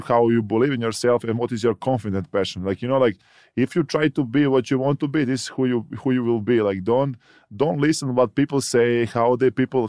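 Man, non-native English speaker, halting, searching for words, dry studio sound. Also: medium pitch, darkish tone, dry recording. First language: not English. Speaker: guest. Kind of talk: casual chat.

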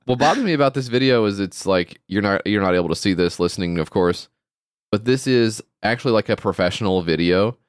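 A man's voice: fairly low pitch, lively intonation, a little fast, clean tone, no room sound, studio quality. Exasperated ranting male podcast host. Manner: exasperated ranting, swears a lot. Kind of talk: casual chat.

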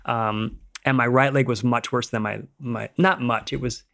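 A middle-aged man with a gravelly, creaky voice sits as a podcast guest and tells his story casually. He rambles, sprinkles in "like," and acts out what each person said. His voice sits at a middle pitch. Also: fairly even intonation, normal speed, a bit bright. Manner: rambling retelling, acting out quotes, many "like"s.

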